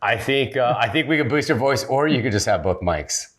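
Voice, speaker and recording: A man hosting a faith podcast, talking loudly and with enthusiasm in a casual chat. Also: mid-range voice, lively intonation, a little fast. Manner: loud, upbeat and enthusiastic. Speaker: podcast host.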